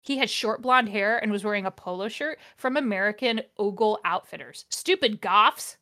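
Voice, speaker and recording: A woman's voice: medium pitch, brisk, a bit bright, no room sound, studio quality. A woman hosting a podcast, reading a fanfiction aloud and breaking off for wry, exasperated asides. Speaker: podcast host.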